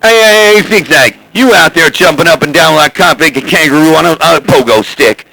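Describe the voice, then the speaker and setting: A man chattering on CB radio as the channel's host, boastful and loud, hailing others over and over. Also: a little high, moderate pace, gravelly, dry recording, low-quality recording.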